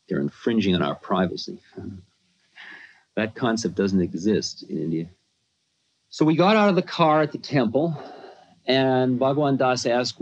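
A man's voice: on the low side, moderate pace. A man telling a personal story in a conversational, self-mocking way, with many asides. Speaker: spiritual teacher. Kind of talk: storytelling talk. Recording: dull lo-fi archive recording.

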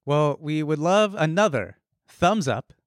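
A man co-hosting a casual podcast, talking fast and animated, with lots of swearing. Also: fairly high pitch, dry recording, studio quality. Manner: rapid, animated, swears a lot. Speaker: podcast co-host.

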